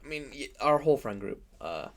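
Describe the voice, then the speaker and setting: A young man with a Midwestern accent co-hosting a podcast. He speaks earnestly and haltingly, stopping often on fillers. His voice sits at a middling pitch over faint background noise. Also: very animated. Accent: Midwestern American. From Missouri. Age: young adult. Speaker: podcast co-host. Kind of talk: casual chat.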